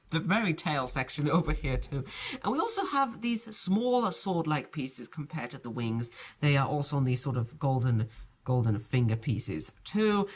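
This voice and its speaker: Casual toy reviewer in a small home studio; animated, up-and-down delivery; chatty, with hesitant restarts mid-phrase. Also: medium pitch, slight background noise. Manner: chatty, hesitant, often restarting phrases while handling the set. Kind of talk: casual show-and-tell review.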